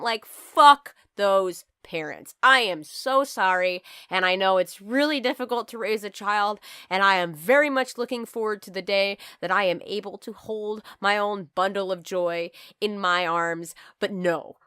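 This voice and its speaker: A young woman from California telling a storytime vlog in an animated, profane, emphatic way. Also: mid-range voice, moderate pace, clean tone, no echo, studio quality. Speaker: vlogger.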